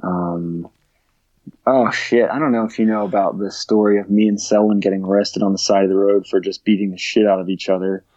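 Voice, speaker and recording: A man's voice: fairly low pitch, steady tone, brisk, darkish tone, lo-fi sound. A young adult man, a podcast guest, telling a rambling, profane story full of fillers and laughter. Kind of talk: casual storytelling.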